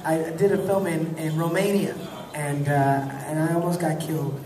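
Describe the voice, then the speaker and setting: A man's voice: fairly high pitch, normal speed. Laid-back man in an echoey convention hall. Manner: laid-back, laughing often, animated when acting out quotes. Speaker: actor telling stories at a fan convention panel. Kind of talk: casual storytelling. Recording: echoey hall, distant mic, crowd noise.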